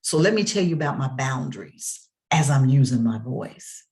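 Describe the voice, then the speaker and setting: An emphatic motivational speaker who delivers the talk like a sermon. The voice sits in a middle pitch and builds through rhythmic, repeated refrains, with rhetorical calls out to the audience. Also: animated, normal speed, a little mellow.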